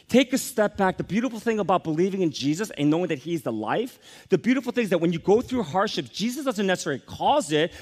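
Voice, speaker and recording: A male pastor delivering a sermon, his voice sitting high for a man and moving through a very wide, lively range. His preaching is emphatic, sinking to hushed lows before surging back up with energy. He sounds like a man in his forties addressing a congregation. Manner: emphatic preaching that swings from soft lows to rising, energetic highs.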